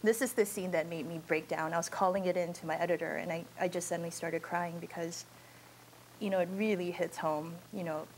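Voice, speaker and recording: A woman's voice: on the low side, fairly even intonation, fast talker, a little hiss or hum, low-quality recording. A woman photojournalist giving an informal slideshow talk in a university auditorium, speaking in a candid, conversational and unpolished way.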